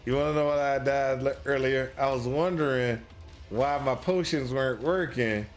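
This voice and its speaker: A man's voice: mid-range voice, moderate pace, soft background music. A man streaming a game, giving casual, rambling commentary full of restarts and exasperated exclamations. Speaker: gaming streamer.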